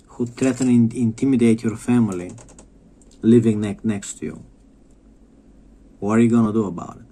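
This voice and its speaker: A man's voice: on the low side, mellow. A man from Bulgaria, ranting in a rambling monologue, swearing often and repeating himself. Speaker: vlogger. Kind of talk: profane monologue rant.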